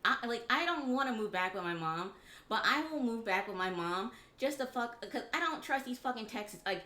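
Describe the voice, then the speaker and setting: A woman from Georgia in the US, a guest on a game stream, venting in blunt, profane talk with halting restarts. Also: on the high side, lively intonation, sharp tone. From Georgia, USA. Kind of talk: casual chat on a game stream. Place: home room. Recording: roomy echo.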